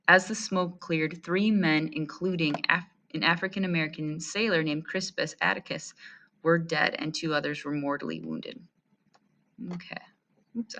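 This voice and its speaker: A woman's voice: low voice, pushed and bright, a little hiss or hum. A woman teacher reading a history text aloud and stopping to comment, asking her listeners rhetorical questions in a friendly way. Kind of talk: read-aloud history lesson.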